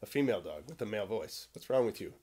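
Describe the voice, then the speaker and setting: A man voicing his female pet dog as a sassy, smart-mouthed character in a gruff, deep male voice. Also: animated, fast talker, dark tone. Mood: indignant. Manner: indignant back-talk.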